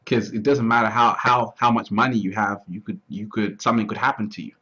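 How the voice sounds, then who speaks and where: A man with a low, husky voice talks through his ideas in an easygoing interview, circling back and restarting phrases as he goes. The recording sounds dull and lo-fi. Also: fairly even intonation, fairly quick, pushed and bright. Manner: repeats words, restarts often, asks "you see what I'm trying to say". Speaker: interview guest. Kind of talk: reflective casual conversation. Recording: dull lo-fi audio.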